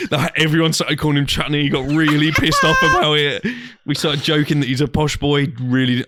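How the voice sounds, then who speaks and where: A man's voice: fairly high pitch, brisk, few pauses, very noisy. A man co-hosting a podcast, telling a rambling anecdote in casual chat, swearing and acting out his friends' lines. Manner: animated, swears freely, acts out friends' lines. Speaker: podcast co-host.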